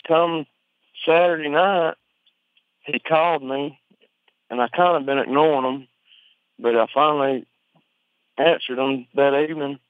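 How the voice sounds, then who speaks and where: A man with an Alabama Southern accent telling a story over the phone in an informal, rambling way, full of swearing and halting restarts. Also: fairly high pitch, fairly even intonation, smooth, dry recording. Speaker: interviewee on a phone call. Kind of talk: conversational storytelling. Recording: tinny phone line, dry.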